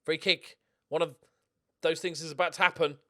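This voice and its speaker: A man giving casual gaming commentary as a streamer, getting excited and swearing as he cheers on his team. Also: a little high, fairly quick. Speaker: game streamer.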